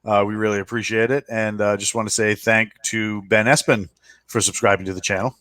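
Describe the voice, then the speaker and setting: A man's voice: on the low side, flat delivery, brisk, fairly bright tone, no echo. A man narrating a tabletop game as game master, in a loose, chatty way with many check-ins. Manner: loose, filler-heavy narration with frequent "right?" check-ins.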